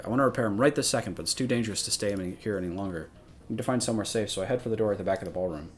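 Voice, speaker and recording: A man's voice: on the low side, racing, soft background music. A man streaming a visual novel, reading the narration dramatically and breaking into casual asides.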